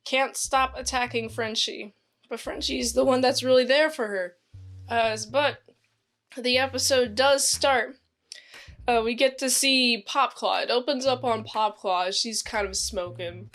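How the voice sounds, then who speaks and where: Chatty woman recapping a show, higher voice. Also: fairly bright tone. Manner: chatty, rambling, acts out characters' lines. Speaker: series reviewer. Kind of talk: casual recap monologue.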